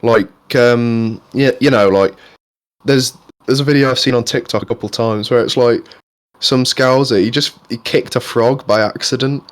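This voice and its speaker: A man's voice: medium pitch, moderate pace. A young man co-hosting a podcast, rambling casually with plenty of swearing and fillers. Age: young adult. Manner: rambling, profane, lots of fillers. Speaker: podcast co-host. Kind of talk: casual chat.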